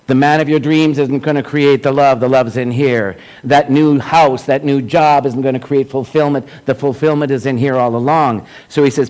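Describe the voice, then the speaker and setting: A man's voice: medium pitch, a little fast, few pauses, darkish tone, low-quality recording. A man giving an informal sermon as a spiritual teacher, speaking reflectively and stressing points with repeated phrases.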